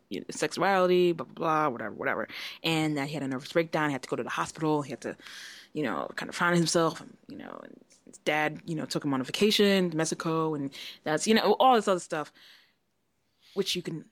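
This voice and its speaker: A woman co-hosting a casual podcast, telling a long story with lively acted-out quotes. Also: low-pitched, brisk, no room sound. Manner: animated storyteller, acts out quotes. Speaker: podcast co-host. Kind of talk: casual chat.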